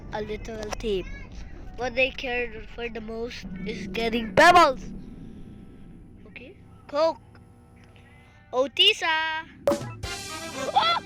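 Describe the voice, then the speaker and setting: A high-voiced woman narrates her game in slow, drawn-out bursts, jumping from shrieks to mutters. Loud game music plays behind her. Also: poor audio. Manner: shrieky, jumpy, bursts of squealing and laughter. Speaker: gamer streaming play. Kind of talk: excited game commentary.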